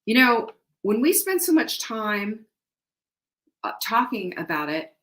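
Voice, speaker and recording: A woman's voice: on the high side, sing-song, takes it slowly, a bit bright, slight background noise. A middle-aged woman hosting a show, giving motivational tips in an emphatic, conversational way and repeating key phrases. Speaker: show host.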